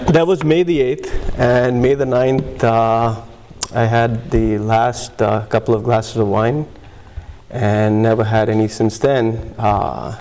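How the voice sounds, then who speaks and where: Gravelly halting man sharing testimony. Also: medium pitch, fairly even intonation, a little mellow, a little hiss or hum. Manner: halting, many fillers and pauses. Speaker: recovery meeting speaker. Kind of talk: personal testimony.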